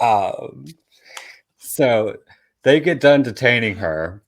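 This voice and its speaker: A man, a comedian guest on a podcast, telling a story in an animated way that builds to loud bursts. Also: medium pitch, measured pace.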